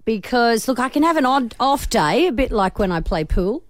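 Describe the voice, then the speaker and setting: A woman's voice: fairly high pitch, very animated, moderate pace, dry recording. A woman co-hosting breakfast radio, speaking in a casual, self-assured way. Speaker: radio co-host. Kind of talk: radio talk. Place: radio studio.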